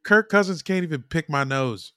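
A man's voice: on the high side, lively intonation, moderate pace, a bit bright, dry recording. A man co-hosting a casual sports podcast, with dry, wry jokes. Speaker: podcast co-host.

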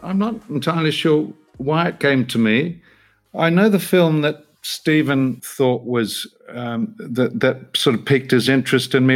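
A man, an actor being interviewed, telling stories in a self-deprecating, hesitant way with frequent laughs. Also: medium pitch. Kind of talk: relaxed interview storytelling.

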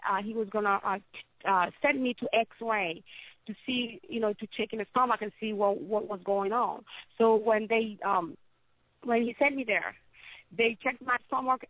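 A woman telling her own story as an interview guest, halting and often repeating words as she speaks. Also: on the high side, no echo. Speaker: interview guest, cancer survivor. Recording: tinny phone-like line, dry.

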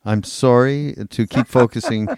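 A man's voice: mid-range voice, fairly even intonation, measured pace, darkish tone, clear, resonant tone, no echo, studio quality. A man co-hosting a podcast, telling loose, rambling anecdotes in casual chat, laughing and swearing as he goes. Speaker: podcast co-host.

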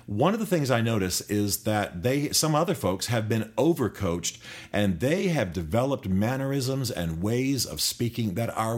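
A man's voice: lowish voice, husky. A man who coaches public speakers, giving earnest, conversational advice with firm emphasis. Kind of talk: advice talk to camera.

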